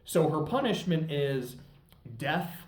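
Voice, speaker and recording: A man's voice: fairly high pitch, expressive, takes it slowly. A young man rambles through a casual show review, tossing in fillers and laughter. His voice sits a touch above the middle, and he is picked up from a distance in an echoey room. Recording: roomy echo, mic at a distance.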